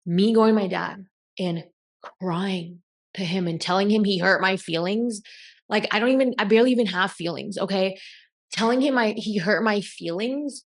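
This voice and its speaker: A woman's voice: medium pitch, normal speed. A woman giving a blunt, emphatic motivational talk as a self-help coach, swearing casually.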